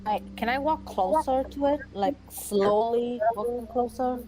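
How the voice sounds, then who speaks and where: A woman's voice: on the high side, a little slow, warm tone, slight background noise. A woman playing a tabletop game, chatting casually and joking about herself. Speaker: player.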